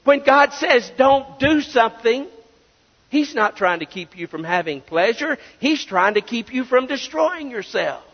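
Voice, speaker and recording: High-pitched guy preaching hard, lots of "do you hear me" type questions, muffled lo-fi sound. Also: sing-song, a little slow, slightly rough. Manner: emphatic preaching with rhetorical questions. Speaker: pastor. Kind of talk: sermon. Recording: dull lo-fi audio with long reverb.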